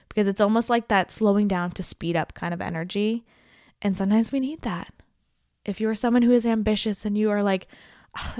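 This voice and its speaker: A woman's voice: mid-range voice, no echo, clean studio sound. A woman hosting a solo podcast, giving a heartfelt, emphatic pep talk straight to her listener. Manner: warm, emphatic, encouraging, speaks directly to listener. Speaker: podcast host.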